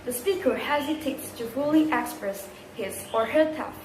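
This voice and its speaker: A young woman student with an Indonesian accent, reading a class presentation with example dialogues in a measured way. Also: high voice, animated, reverberant, a little hiss or hum, rough recording. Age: young adult.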